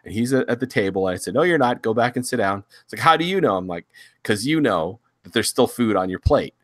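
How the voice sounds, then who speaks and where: A man's voice: fairly low pitch, fairly quick, no room sound, clean studio sound. A middle-aged man hosting a casual talk show, rambling with restarts and chuckling as he tells family stories. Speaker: host. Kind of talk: casual chat.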